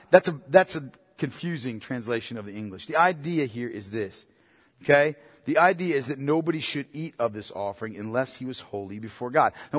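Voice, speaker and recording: Male pastor teaching scripture, high and slightly breathy voice, quizzes the congregation, hammers points by repeating them. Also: a bit bright. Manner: asks rhetorical questions, repeats key points. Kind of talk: expository Bible sermon. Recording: long reverb of a hall.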